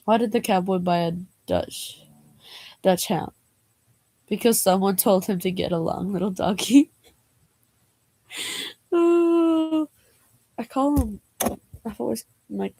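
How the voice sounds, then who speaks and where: A woman's voice: mid-range voice, measured pace, gravelly, long pauses, dark tone, no echo. A young woman vlogger reading jokes aloud in a casual way, laughing and groaning at them and adding slangy asides.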